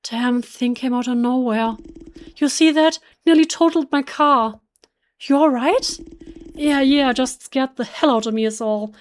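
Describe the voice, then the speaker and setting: A woman doing a loud, rattled middle-aged driver. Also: high-pitched, measured pace. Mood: shaken. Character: shaken wiry middle-aged man, gruff driver.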